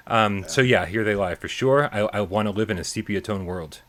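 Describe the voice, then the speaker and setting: A man co-hosting a live gaming podcast in casual, loose chat that swears freely and gets excitable. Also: lowish voice, fairly quick. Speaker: podcast co-host.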